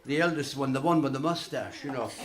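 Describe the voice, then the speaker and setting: A middle-aged man doing live stand-up comedy, telling quick jokes and slipping into voices for the punchlines. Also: mid-range voice, a crowd in the background. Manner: brisk joke-telling, swapping voices for punchlines.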